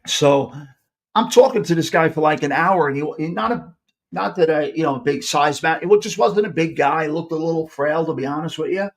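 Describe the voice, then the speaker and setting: A man's voice: fairly high pitch, fairly quick, vocal fry. Rambling New York man telling stories. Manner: rambling, self-interrupting, animated storyteller. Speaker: podcast host. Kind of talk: casual storytelling on a live podcast.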